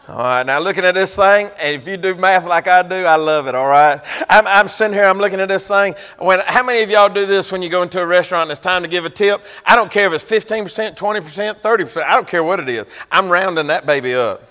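High-voiced preacher in a hall. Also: male voice, fast talker, few pauses, clean tone. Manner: folksy preaching, swinging from loud to hushed. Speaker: pastor. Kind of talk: sermon.

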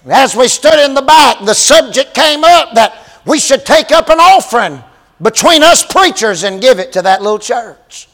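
A man preaching a storytelling sermon, animated and building to shouted exclamations. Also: very high voice, moderate pace. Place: large church sanctuary. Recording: long reverb of a large hall.

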